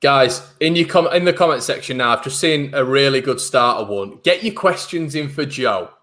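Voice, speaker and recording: A man's voice: medium pitch, animated, normal speed, fairly bright tone. A young man hosting a football fan stream, reading out viewer comments in upbeat, chatty talk with frequent restarts. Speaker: host of a football fan channel.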